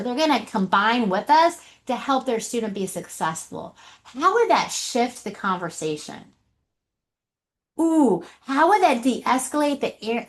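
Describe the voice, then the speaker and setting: A woman presenting a leadership webinar on a video call, animated and asking her audience rhetorical questions. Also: sits high.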